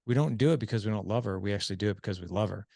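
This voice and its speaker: A man's voice: fairly low pitch, racing, creaky, no echo, clean studio sound. A man speaking as a podcast guest about fatherhood, explaining points earnestly and acting out the dialogue in his stories. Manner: animated storyteller who acts out quoted dialogue. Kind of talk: casual podcast conversation.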